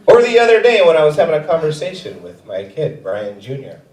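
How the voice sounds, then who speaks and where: A man in his thirties works through a stand-up set on a comedy theater stage. His voice sits a little high and moves around a lot in pitch as he mocks himself. It comes across echoey and from a distance. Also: huge pitch swings, brisk, very noisy. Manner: self-mocking, drops to quiet asides. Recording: echoey theater, far from mic.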